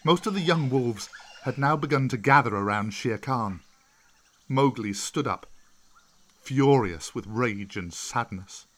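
A man narrating a storybook in an expressive reading voice. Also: mid-range voice, a little slow.

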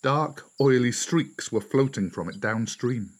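A man narrating a storybook aloud, measured and expressive. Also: mid-range voice.

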